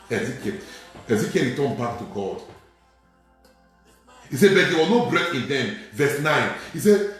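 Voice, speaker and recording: Man preaching loud and repetitive, pitch all over the place, super echoey room. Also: animated, measured pace, long pauses. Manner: emphatic preaching with repetition and sudden shouted peaks. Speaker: priest. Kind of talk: sermon. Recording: very echoey room with faint music.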